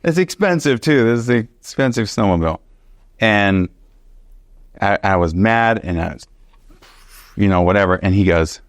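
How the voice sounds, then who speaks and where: A man teaching a Bible study, telling a personal story in an animated, conversational way with many fillers and restarts. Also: lowish voice, normal speed, pauses often, no echo, studio quality.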